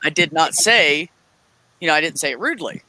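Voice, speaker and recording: A woman's voice: deep voice, lively intonation, a little fast, heavy background noise. A woman in her forties casually telling a heated story, swearing often and acting out quoted dialogue. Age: 40s. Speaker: streamer.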